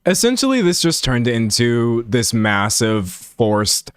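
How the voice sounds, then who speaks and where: A man's voice: medium pitch, slow, smooth, dry recording, studio quality. A man commentating on a live stream and reading chat aloud. He rambles, restarts his sentences and pokes fun at himself. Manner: animated and rambling, self-mocking, many restarts.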